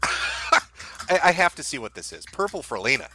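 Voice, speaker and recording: A man's voice: on the high side, sing-song, normal speed, sharp tone, slight background noise. A man hosting a casual commentary show, reacting to social media posts in a sarcastic, profane, mocking way.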